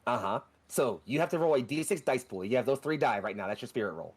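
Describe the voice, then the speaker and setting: A man narrating a tabletop role-playing game as game master, with vivid, rushing descriptions. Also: medium pitch, animated, breathy edge.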